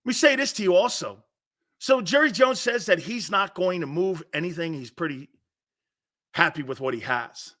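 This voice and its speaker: A middle-aged man hosting a sports talk show, telling stories bluntly and with a lot of energy. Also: normal speed. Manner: animated, blunt storytelling with swings in pitch and loudness.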